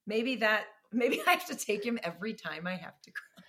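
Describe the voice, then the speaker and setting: A middle-aged actress telling stories in a casual interview, animated and self-deprecating, laughing often. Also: female voice, mid-range voice, normal speed. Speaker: actress and guest.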